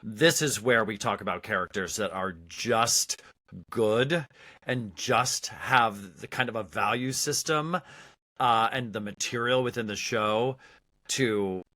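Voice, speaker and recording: A man's voice: lowish voice, slow pace, sharp tone, dry recording. A man co-hosting a podcast, talking in an easygoing, joking casual chat. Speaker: podcast co-host.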